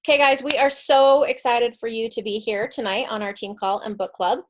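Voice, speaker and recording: A woman's voice: fairly high pitch, fairly even intonation, fairly quick, a little hiss or hum. A woman hosting a team video call in an upbeat, casual way with fillers.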